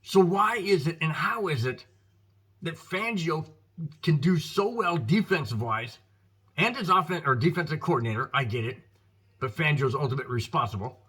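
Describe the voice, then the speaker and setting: An American man rants about his football team to his viewers, emphatic and exasperated. His voice is bright and forceful with a husky edge. It sits a little high for a man. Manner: emphatic, frustrated, addresses viewers as guys. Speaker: sports podcast host. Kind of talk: opinionated football commentary.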